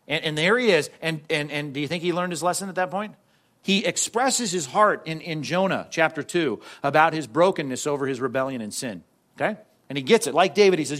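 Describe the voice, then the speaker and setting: Man preaching a lively sermon. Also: fairly high pitch, brisk. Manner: conversational preaching, dynamic delivery with frequent asides. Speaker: pastor.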